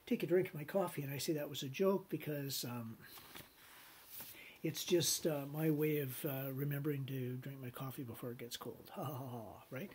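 A middle-aged man teaching business law in a conversational lecture, telling stories, acting out quoted voices and clearing his throat often. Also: mid-range voice, moderate pace, darkish tone, a little hiss or hum. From Canada.

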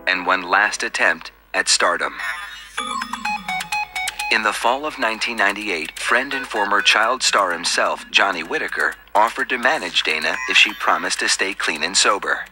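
Male narrator, deep voice, somber scripted read over a music bed. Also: expressive, moderate pace. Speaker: documentary narrator.

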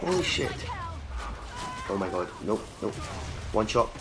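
A young man with a lowish voice commentates live gameplay and reacts loudly to every kill. He swears and taunts the opponents. The game's sounds run clearly underneath him. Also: measured pace, noisy background. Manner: excitable, swears freely, talks to the players on screen. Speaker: gaming channel host.

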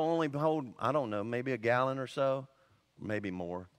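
A male pastor preaching a sermon in an animated, conversational way, full of asides and exclamations. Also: medium pitch, moderate pace.

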